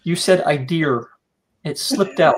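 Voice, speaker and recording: A man's voice: on the high side, a little slow. A podcast host joking with his guest in a teasing, casual way. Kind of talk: casual interview chat.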